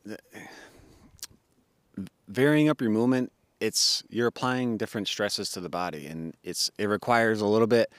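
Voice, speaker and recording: A man's voice: fairly low pitch, normal speed, clean tone, no room sound. A man co-hosting a podcast, explaining fitness ideas in a thoughtful, casual way with frequent fillers. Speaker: podcast co-host.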